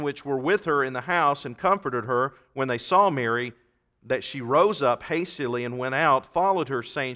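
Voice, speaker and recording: A man preaching a sermon, reading King James scripture aloud and posing rhetorical questions, moving from hushed, tender passages to loud, emphatic ones. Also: fairly high pitch. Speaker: pastor.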